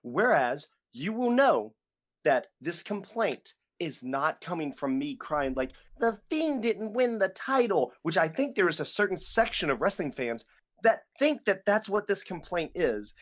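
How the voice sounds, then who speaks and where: A young man talks casually on a podcast, his voice sitting a little higher than most men's. He rambles, circling back with fillers and restarts as he thinks aloud. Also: expressive, measured pace, fairly bright tone. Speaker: podcast co-host. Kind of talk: casual chat.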